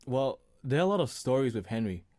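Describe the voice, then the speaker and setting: Male singer-songwriter guest, casual and relaxed, mid-pitched voice, halting restarts, dry close sound. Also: no echo. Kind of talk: casual interview chat.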